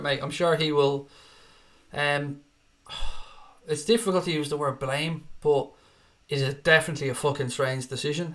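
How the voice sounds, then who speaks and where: Male host, casual stream reaction, earnest and rallying, slightly high voice. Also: fairly bright tone. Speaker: fan channel host. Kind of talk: casual live-stream reaction, reading viewer comments.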